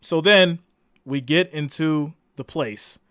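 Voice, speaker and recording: A man's voice: a little high, takes it slowly, a bit bright, no room sound, clean studio sound. A man in his thirties hosting a casual football reaction livestream, chatty and laid-back, repeating lines for emphasis. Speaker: livestream host.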